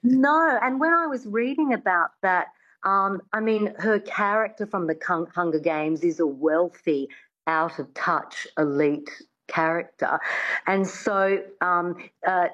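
A woman's voice: on the low side, a little slow, fairly bright tone, dull audio. A woman accent coach, chatty and explanatory, talking in a radio interview. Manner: chatty, explanatory, fond of filler words.

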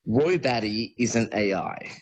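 A man's voice: lowish voice, expressive, a little slow, low-quality recording. A man discussing films on a radio show, enthusiastic and rambling with frequent restarts. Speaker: film commentator.

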